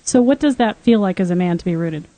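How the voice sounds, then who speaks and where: A woman's voice: on the low side, lively intonation, fast, dark tone, dry recording, rough recording. A woman hosting a podcast, asking engaged questions and telling stories in a chatty way. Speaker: podcast host. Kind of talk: casual podcast interview.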